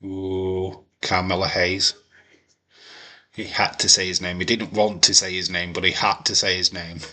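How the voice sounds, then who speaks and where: Excitable man streaming reactions. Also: deep voice, measured pace. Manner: animated, chatty, bursts of excitement. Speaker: wrestling watch-along streamer. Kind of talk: live reaction commentary.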